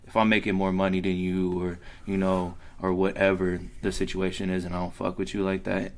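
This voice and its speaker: A man's voice: deep voice, monotone, brisk. A young man who is a podcast guest, talking loosely with lots of fillers and frequent laughs. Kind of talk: casual podcast chat.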